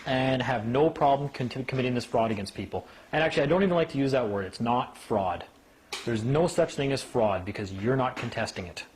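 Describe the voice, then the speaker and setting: A man holds forth to a small gathering in a lively, conversational way. He acts out the people in his stories and keeps checking in with "right?". A faint hiss sits under his voice. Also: mid-range voice, brisk. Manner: animated, acts out quoted people, asks "right?". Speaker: speaker at a meeting. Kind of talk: informal talk to a small group.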